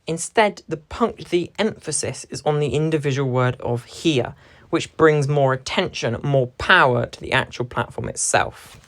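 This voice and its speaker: A woman's voice: deep voice, expressive, unhurried. A young woman, a drama performer, giving a reflective talk about how a stage scene is split between actors. She is analytical and stresses key words when she quotes lines.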